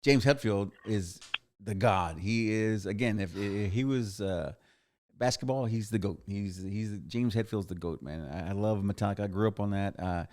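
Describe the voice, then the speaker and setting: A man hosting a podcast in casual chat, rambling excitedly with many restarts and a lot of slang. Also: lowish voice, normal speed. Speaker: podcast host.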